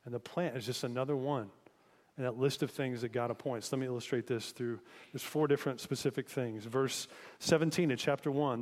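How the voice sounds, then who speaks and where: A man's voice: medium pitch, darkish tone, big-room sound. A man preaching a sermon as pastor, in a conversational way, asking listeners reflective questions.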